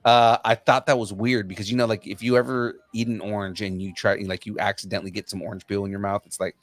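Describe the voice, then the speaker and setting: A man hosting a podcast, chatting casually and telling stories in a rambling, animated way with many restarts. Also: fairly low pitch, fast, no echo. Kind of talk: casual chat.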